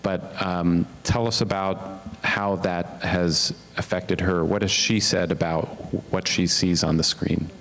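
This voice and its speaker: A man moderating a panel discussion, asking questions slowly and hesitantly. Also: low-pitched, steady tone, a bit bright, slight background noise. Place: auditorium.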